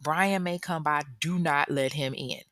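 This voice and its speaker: A man's voice: a little high, a little slow, bright, forceful tone, no room sound, clean studio sound. A woman voicing a young pastor who is earnest and protective of his girlfriend. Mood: urgent. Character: calm young pastor, peacemaking boyfriend.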